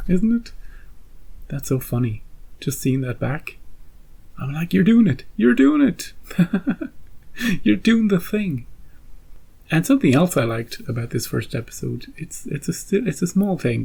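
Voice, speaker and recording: A man's voice: on the high side, gravelly, a little mellow, slightly rough, poor audio. A man hosting a reaction channel, chatting casually to his viewers in a rambling way and often repeating himself. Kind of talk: casual chat to camera.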